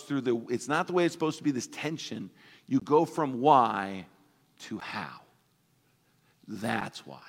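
A man preaching a sermon as pastor, animated and playful, acting out everyday voices for laughs. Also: mid-range voice, long reverb tail. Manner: animated, acts out voices of toddlers and parents for laughs.

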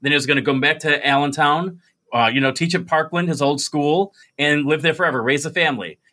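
A man co-hosting a comedic podcast, telling family stories in casual chat with animated delivery and frequent laughs. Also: a little high, fairly quick. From New York. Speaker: podcast co-host. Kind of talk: comedic casual chat over video call.

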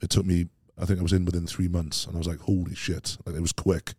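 A man's voice: low voice, flat delivery, quick pace, a little mellow, breathy edge. A Welsh man telling stories as a podcast guest, rambling and laughing easily, full of British slang. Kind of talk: casual chat.

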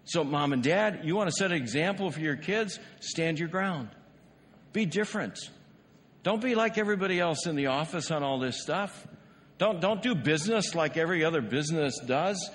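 Male pastor, fairly high voice, chatty sermon delivery, church hall reverb with faint ambience. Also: lively intonation, moderate pace, fairly bright tone, a little hiss or hum. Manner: conversational, asks the congregation rhetorical questions. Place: church sanctuary.

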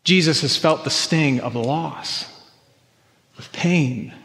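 A man's voice: a little high, slow, gravelly, fairly bright tone, long reverb tail. A man preaching a sermon as pastor, earnest, often repeating words as he presses a point.

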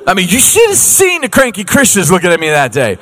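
A man in his thirties, a youth pastor preaching a sermon as an animated storyteller who laughs often. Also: sits high, fast talker, soft background music. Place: church hall. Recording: echoey hall.

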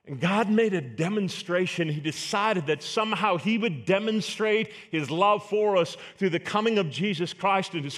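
A man's voice: high voice, fairly bright tone. A man preaching a sermon as pastor, earnest and emphatic, asking the congregation rhetorical questions.

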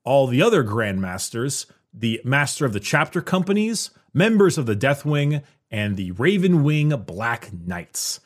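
A man's voice: medium pitch, sing-song, measured pace, few pauses. A man explaining game lore at length in a casual podcast conversation, with frequent restarts.

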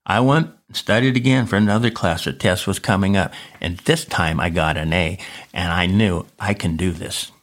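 Male podcast preacher, lowish voice, lively storyteller who laughs along. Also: moderate pace. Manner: animated storyteller, chuckling often. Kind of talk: personal story in a devotional podcast.

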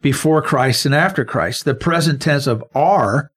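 A man's voice: fairly high pitch, unhurried, fairly bright tone, slightly rough. A man co-hosting a conversational Bible study, explaining verses and stressing single words. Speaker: Bible teacher and co-host.

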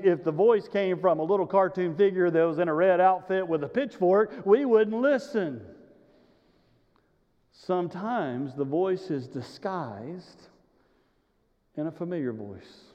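A male pastor with a high voice delivers a sermon in a church, telling the story animatedly and speaking straight to his congregation. The sound is dull and muffled, carried by a long echo through the hall. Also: darkish tone. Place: church sanctuary. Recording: muffled recording in a large reverberant hall.

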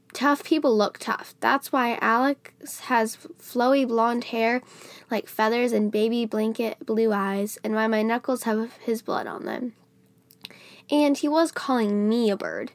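A woman reading a first-person novel aloud as a book reviewer, with expressive delivery that lifts on dialogue. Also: gravelly, dry recording. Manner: reads expressively, louder and higher on lines of dialogue.

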